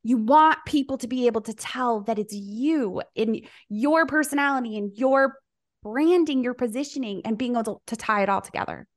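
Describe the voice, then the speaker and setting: A middle-aged woman, a business coach, talking through her experience in a relaxed interview and acting out the people she quotes. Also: fairly high pitch, normal speed. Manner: animated storyteller, acts out quoted dialogue. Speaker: business coach, podcast guest. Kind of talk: conversational interview.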